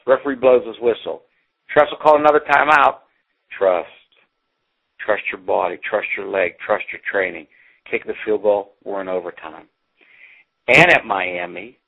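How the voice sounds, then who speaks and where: Man, motivational pep talk, husky voice, punchy phrases, phone-like radio sound. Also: on the low side. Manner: emphatic, punchy short phrases. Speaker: motivational speaker.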